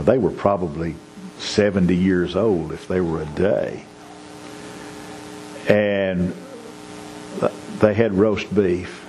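A man's voice: low voice, darkish tone, slight background noise, rough recording. A male pastor delivering a sermon, folksy and storytelling, building to emphatic preaching.

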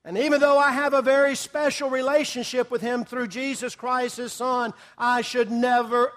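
A man's voice: extremely high pitch, fairly bright tone. A middle-aged man preaching a sermon, earnest and emphatic, rising in volume on key phrases.

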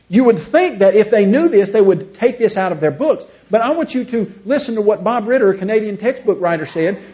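A man's voice: high-pitched, warm tone. A man giving a seminar talk, full of rhetorical questions and acted-out dialogues. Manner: storytelling, acts out both sides of imagined dialogues. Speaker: creationist seminar speaker. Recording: dull lo-fi recording.

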